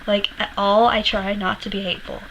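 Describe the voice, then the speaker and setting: A woman's voice: medium pitch, little pitch movement, a little fast, gravelly, a bit bright, slight background noise, poor audio. A woman vlogger animatedly retelling a personal story to camera, swearing freely and laughing as she goes, emotional while she remembers it.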